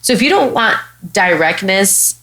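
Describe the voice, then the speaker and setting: A woman's voice: medium pitch, unhurried, poor audio. A young woman from Chicago, a stand-up comic hosting a podcast, telling a story bluntly and with lots of swearing. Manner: blunt, profane, animated storyteller. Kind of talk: casual storytelling chat.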